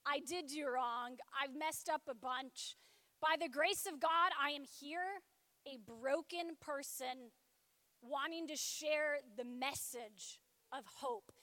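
A woman giving a Catholic youth talk, telling a personal story in a lively, chatty way with lots of "like". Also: sits high, slow, no room sound. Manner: lively and chatty, frequent filler "like". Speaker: speaker at a Catholic youth event.

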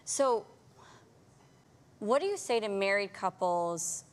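A woman's voice: medium pitch, lively intonation, takes it slowly. A woman hosting a faith discussion, speaking earnestly and affirming her guests. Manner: earnest, affirming, laughs easily. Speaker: host.

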